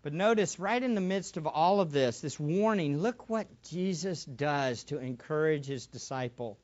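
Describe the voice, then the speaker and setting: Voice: mid-range voice, animated, moderate pace, a little mellow. A preacher delivering a sermon full of rhetorical questions, speaking in a church hall. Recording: dull lo-fi recording.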